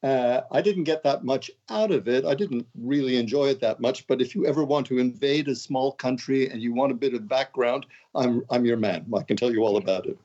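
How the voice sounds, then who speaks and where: An older man from Canada, a guest author, answering interview questions in a relaxed, conversational way with wry, self-deprecating jokes. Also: mid-range voice, fairly quick, few pauses, muffled recording. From Canada (Montreal).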